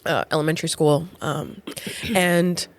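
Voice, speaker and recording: A woman in her thirties or forties co-hosting a podcast, speaking slowly and reflectively about her faith. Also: low voice, steady tone. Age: 30s to 40s. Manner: reflective, slow with pauses. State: emotional. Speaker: podcast co-host. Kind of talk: heartfelt faith conversation.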